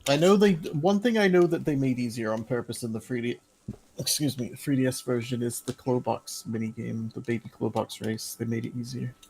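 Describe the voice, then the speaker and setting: A man's voice: medium pitch, a little fast, a little mellow, a little hiss or hum. A man streaming a video game, chatting casually, explaining at length and laughing often. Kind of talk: casual chat while gaming.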